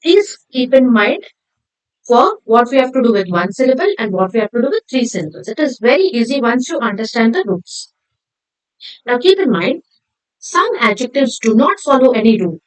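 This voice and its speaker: Lively woman teaching grammar. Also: fairly high pitch, no echo, low-quality recording. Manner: slow, drawn-out spelling and syllable drills, asking and answering her own questions. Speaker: English teacher. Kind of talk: classroom grammar lesson.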